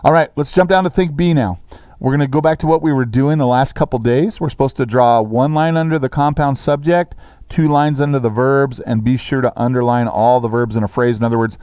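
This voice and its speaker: A middle-aged man teaching a sixth-grade language lesson in a classroom, brisk and encouraging, reading sentences slowly for students to copy. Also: medium pitch, a little mellow, smooth, no echo.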